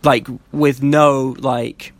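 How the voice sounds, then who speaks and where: A man's voice: medium pitch, extremely slow, dry recording. Rambling English man, dry sound. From England. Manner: rambling, animated storytelling with many restarts. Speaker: podcast co-host. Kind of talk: casual chat.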